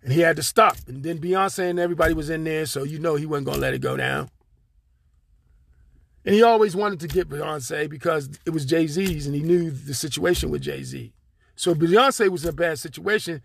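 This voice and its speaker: Speaking from his car at a moderate pace, a solo podcast host from Pittsburgh has a fairly high voice with vocal fry. He rambles in a profane, streetwise manner, leaning on lots of fillers.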